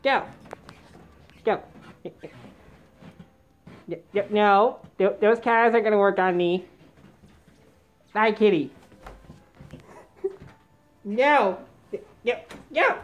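A woman doing a comic sketch rant, exasperated and yelling "no" over and over. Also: mid-range voice, extremely slow, pauses often, lo-fi sound. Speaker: comedy video maker.

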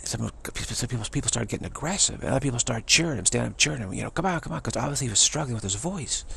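A man's voice: medium pitch, expressive, rapid-fire, gravelly, fairly bright tone, breathy edge. A man, a spiritual teacher, telling a personal story and acting out what other people said.

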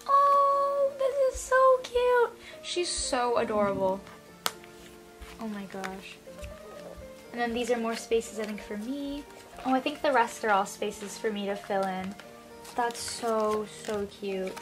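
Vlogger, young woman, high-pitched, unhurried, soft gushing delivery. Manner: gushing, gasping with delight. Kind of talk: unboxing vlog.

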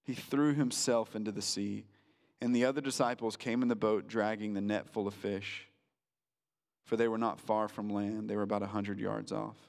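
A male pastor preaching a sermon in a conversational way, slowing down for emphasis and acting out quotes. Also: on the low side, level tone, vocal fry. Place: church sanctuary. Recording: reverberant church hall.

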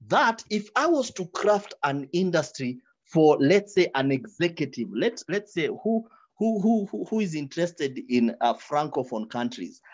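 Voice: medium pitch, unhurried, highs cut off. A speaker giving advice at a writing workshop, stumbling over repeated words and dropping into examples. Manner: animated, repeats words while searching for them, drops into quoted examples. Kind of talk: advice talk in a webinar.

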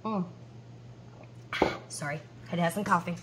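A woman's voice: medium pitch, moderate pace, fairly bright tone, a little hiss or hum. A woman in her forties chatting casually at home as she counts cash aloud and talks to herself between numbers. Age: 40s. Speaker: budgeting vlogger.

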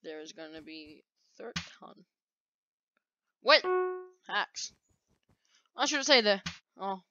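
Slow-talking excitable woman gamer. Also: medium pitch, muffled recording, background noise. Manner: excitable, quick to outbursts of frustration. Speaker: gaming video creator. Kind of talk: live gameplay commentary.

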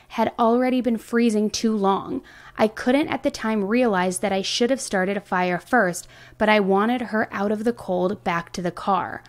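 A woman's voice: mid-range voice, creaky. A young woman commenting on a true crime case, reading a letter aloud and breaking off with indignant, skeptical remarks.

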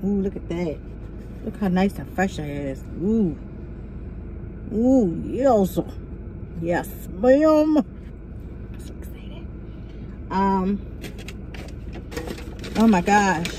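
A woman's voice: medium pitch, lively intonation, drawn-out words, pauses often, background noise. Chatty woman vlogging from her car. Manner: chatty, addresses viewers directly. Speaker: vlogger host. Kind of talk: casual mukbang vlog chat. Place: inside a parked car.

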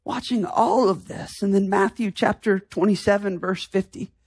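A woman pastor preaching a sermon, impassioned, with rhetorical questions that build to shouted emphasis. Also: medium pitch, moderate pace, breathy edge, dry recording.

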